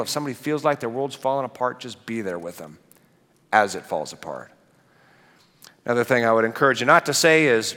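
Animated male pastor preaching in a reverberant hall. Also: medium pitch, fairly quick. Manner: conversational, animated, asks the congregation questions. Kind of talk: sermon. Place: church sanctuary.

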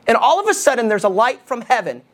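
Animated preaching man, rhetorical questions. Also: very high-pitched, fast talker. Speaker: lead pastor. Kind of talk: sermon.

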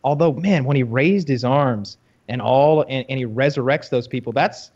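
A man's voice: medium pitch, normal speed, darkish tone. Rambling man on a dull-sounding mic. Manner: rambling, self-interrupting explainer. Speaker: podcast co-host. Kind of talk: casual chat.

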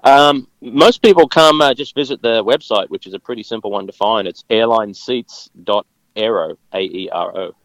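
A man appearing as a podcast guest, casual and animated, laughing as he talks. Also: on the low side, moderate pace, few pauses, no echo, low-quality recording. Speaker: guest, company founder. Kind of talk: casual interview.

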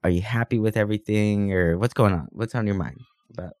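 A man's voice: on the low side, a little fast, a little mellow, no room sound, clean studio sound. A man co-hosting a podcast in casual chat, sick this week, talking in a rambling, enthusiastic way with lots of fillers. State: sick, under the weather. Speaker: podcast co-host. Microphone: podcast microphone.

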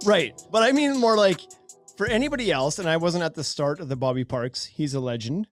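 Lively man chatting on a podcast. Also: a little high, fairly quick, no room sound, studio quality, soft background music. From Saskatchewan, Canada. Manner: chatty, laughs often, tells stories. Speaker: co-host. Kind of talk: casual podcast chat.

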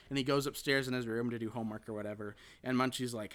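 Bright-voiced man rambling through a film recap. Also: mid-range voice, fairly even intonation, quick pace, few pauses. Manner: rambling, full of fillers and restarts, quotes characters. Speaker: podcast host. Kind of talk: casual chat recapping a film.

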